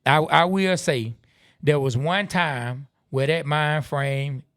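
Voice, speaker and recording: A man's voice: fairly high pitch, slow, a bit bright, no echo, clean studio sound. Laid-back man reading viewer comments. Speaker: podcast co-host. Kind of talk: casual live-stream chat reading comments.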